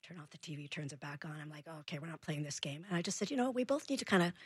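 A woman, a parenting expert, telling an animated story as a guest in a radio interview, acting out the voices in it. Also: low-pitched, rapid-fire, husky, dry recording, studio quality. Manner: animated, acts out dialogue in her story.

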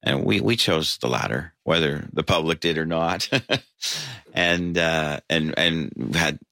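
A man with a very deep, forceful voice rambles through band stories, full of restarts and fillers. The sound is dry and close, recorded in a tavern basement. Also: unhurried, vocal fry, dry recording. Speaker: band member interviewed. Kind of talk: casual interview storytelling.

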